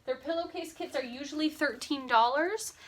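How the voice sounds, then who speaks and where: This woman's voice sits high and sounds a bit bright as she chats at a moderate pace from home about cross stitch. In her thirties, she's upbeat and full of fillers, though sleepy and yawning.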